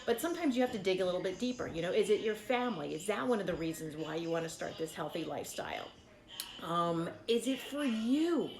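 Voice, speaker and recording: A woman's voice: fairly low pitch, sing-song, brisk, gravelly, a little mellow, echoey room. A woman giving casual, encouraging fitness advice as a vlogger, chatty and full of fillers.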